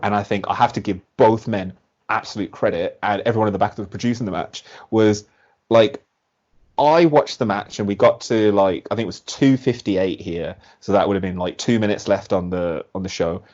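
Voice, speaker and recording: A man guesting on a podcast in casual chat, animated and rambling, with lots of "like". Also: lowish voice, fairly quick. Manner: animated, rambling, heavy use of "like". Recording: dull lo-fi podcast audio.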